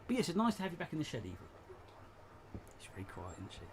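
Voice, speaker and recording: A man's voice: a little high, huge pitch swings, fast talker, noisy background. A man hosting a casual live stream from his shed, rambling and chatty, often laughing as he talks. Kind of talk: casual chat. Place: home shed.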